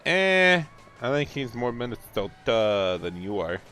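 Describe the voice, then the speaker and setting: A man's voice: lowish voice, normal speed, faint music behind. A man chatting casually and teasing viewers while streaming a farming game. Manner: relaxed, chatty, teasing chat. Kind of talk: casual gameplay livestream chat.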